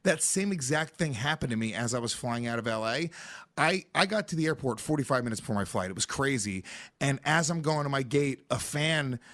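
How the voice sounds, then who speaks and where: A man's voice: mid-range voice, animated, a little fast, a bit bright, no echo, clean studio sound. A man co-hosting a podcast, talking in a brash, jokey, profane way. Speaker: podcast co-host. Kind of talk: casual chat.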